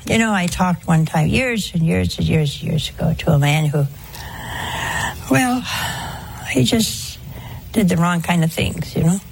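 An older woman speaking slowly in a slightly low voice, giving a folksy religious talk to a gathering. She coaxes with rhetorical questions and gentle humor. Faint noise hums behind her. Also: animated, vocal fry. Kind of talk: talk to an audience on confession.

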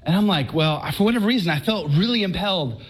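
A man from Texas tells his faith story to a listening crowd. His voice sits high for a man, and he talks in an animated, conversational way, often stumbling and restarting his words. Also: fast talker, slightly rough, low-quality recording. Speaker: speaker giving a personal faith testimony. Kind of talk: storytelling talk to a live audience.

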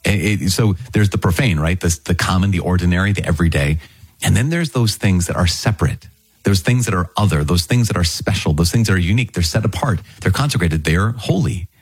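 A man's voice: low-pitched, brisk, husky, no echo, soft background music. A man giving an earnest, conversational Bible teaching, often repeating words and phrases as he explains the passage. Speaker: preacher. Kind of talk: sermon-style Bible teaching.

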